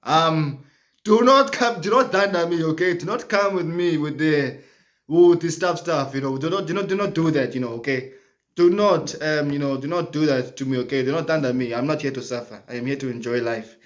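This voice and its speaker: A man's voice: on the high side, a little fast. A man telling a rambling comic story, full of fillers and laughing at his own jokes. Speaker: comedian.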